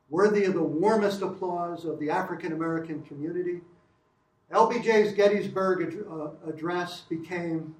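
An older man reading a prepared lecture in a measured academic way, with occasional restarts. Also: a little high, a little mellow, echoey room, far from the mic, rough recording.

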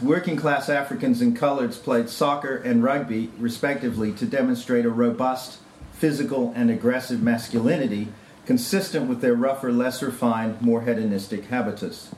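A man's voice: mid-range voice, a little mellow, a little hiss or hum. A man giving an academic conference talk, reading a prepared paper with hesitant ad-libbed asides. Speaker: lecturer. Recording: roomy lecture-hall echo.

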